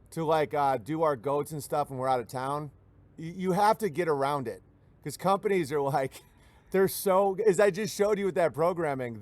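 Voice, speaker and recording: High-voiced man in a joking rant. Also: dry recording. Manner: rambling, slips into mimicked voices. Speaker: comedian hosting a talk stream.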